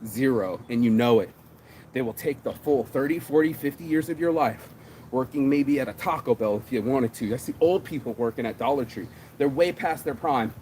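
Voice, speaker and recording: A middle-aged man hosting a morning motivation show, talking fast and profane, calling everyone "bro". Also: medium pitch, slight background noise. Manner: profane, energetic, says "bro" a lot. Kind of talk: fired-up casual motivational rant.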